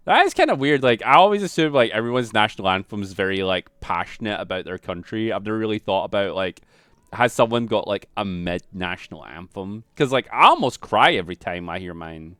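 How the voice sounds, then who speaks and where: Scottish guy, low voice, animated and swearing, clean dry recording. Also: a little fast, clean tone, no echo. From Scotland. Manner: animated, swearing, self-mocking, puts on quoted voices. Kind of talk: casual chat.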